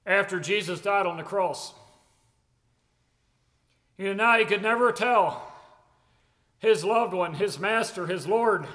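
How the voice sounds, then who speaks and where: A man preaching a sermon in an emphatic, repetitive cadence that swings from loud declarations to hushed tones. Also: high-pitched, expressive, takes it slowly, long reverb tail.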